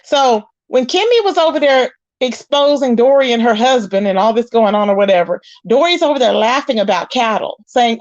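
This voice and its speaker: A woman's voice: a little high, moderate pace, few pauses, no echo. A woman doing casual live-stream commentary, reading chat aloud in a sassy way, calling viewers child and honey. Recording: dull lo-fi, dry.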